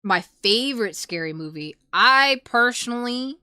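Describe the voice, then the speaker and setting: A woman's voice: on the high side, animated, unhurried, pushed and bright, clean tone, no room sound, studio quality. A young woman streaming, chatting casually with viewers, laughing often and swearing freely. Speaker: VTuber streamer. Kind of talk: casual chat reading viewer messages.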